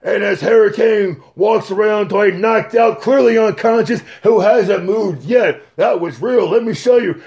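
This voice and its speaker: High gravelly excitable man. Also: highs cut off. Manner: excitable, acts out scenes with shouts and laughter. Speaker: guest. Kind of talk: animated storytelling in casual chat.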